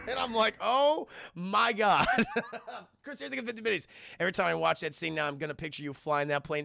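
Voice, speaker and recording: A man's voice: fairly high pitch, lively intonation, a little fast, gravelly, sharp tone. A young man streaming a live film review, recapping scenes to his chat with frequent laughter, loose swearing and acted-out quotes. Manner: laughs often, swears freely, acts out quotes.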